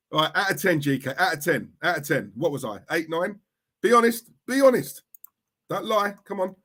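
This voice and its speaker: A man's voice: a little high, animated, normal speed, sharp tone. A man chatting live with his viewers, teasing and talking straight to the chat. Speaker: livestream host. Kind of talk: casual live-stream chat.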